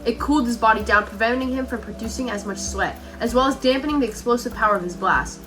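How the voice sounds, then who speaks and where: A woman's voice: fairly high pitch, quick pace, over music. Young woman streamer reading a fan story. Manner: animated, exclaiming between passages. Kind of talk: reading fan fiction aloud with reactions.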